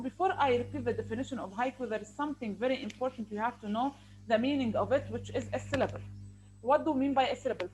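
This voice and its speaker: A woman's voice: on the high side, darkish tone, a little hiss or hum, poor audio. A woman teaching an online English class over a video call, patiently repeating and stretching words as she explains.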